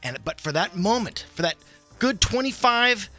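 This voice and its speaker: A man co-hosting a morning radio show, telling a story in an animated way and acting out his own shouting. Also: sits high, moderate pace, faint music behind. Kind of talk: casual radio banter.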